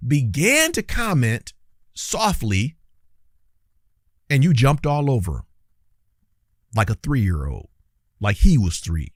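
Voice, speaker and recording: A man's voice: medium pitch, wildly swooping pitch, slow pace, long pauses, dry recording, clean studio sound. Heated, preachy male commentator. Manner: preachy, heated, colloquial, addresses viewers directly. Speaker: commentary channel host. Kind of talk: reaction commentary.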